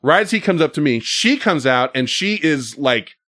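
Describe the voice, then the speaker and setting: A man's voice: on the high side, expressive, normal speed, pushed and bright, no echo, clean studio sound. A man telling a story casually, with lots of fillers and swearing.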